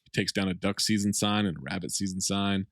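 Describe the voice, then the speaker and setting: A man's voice: deep voice, fairly even intonation, fairly quick, vocal fry, fairly bright tone, no room sound. A man hosting a casual podcast, summarizing a film's plot with dry jokey asides. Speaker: podcast host recapping a film. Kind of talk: casual movie recap podcast.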